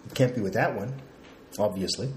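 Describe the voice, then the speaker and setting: A man's voice: on the low side, brisk, a little hiss or hum. A man chatting casually at home, explaining things in a dry, teasing way. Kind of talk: casual family chat. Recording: echoey room.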